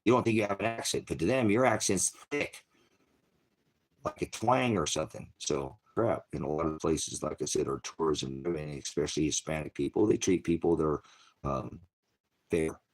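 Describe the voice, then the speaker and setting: An American man with a deep, low voice rambles through a casual livestream chat. He restarts his sentences often and fills the gaps with "you know.". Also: moderate pace. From United States. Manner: rambling, loose, full of fillers and restarts. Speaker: channel host.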